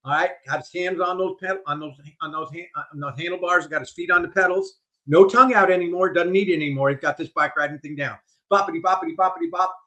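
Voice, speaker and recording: An older man, a guest on a podcast interview, telling stories in an animated, vivid way. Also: fairly high pitch, fast talker. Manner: animated storyteller, vivid delivery. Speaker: guest speaker.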